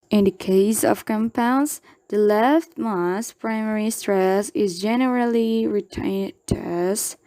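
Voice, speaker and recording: Young woman student from indonesia reading her class talk real slow, says example words twice, dry close sound. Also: medium pitch, mellow, no echo. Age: young adult. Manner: careful, repeats each example word twice. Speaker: university student presenter.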